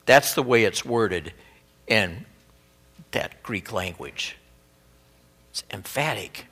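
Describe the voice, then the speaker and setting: A male pastor preaching a sermon in an earnest, emphatic way, dropping soft and low on key words. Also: animated, slow, long pauses, husky.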